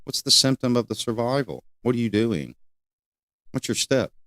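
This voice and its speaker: An older man hosting a solo talk show, rambling and repeating questions with many pauses. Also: medium pitch, animated, fairly bright tone, no room sound, studio quality. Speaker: host.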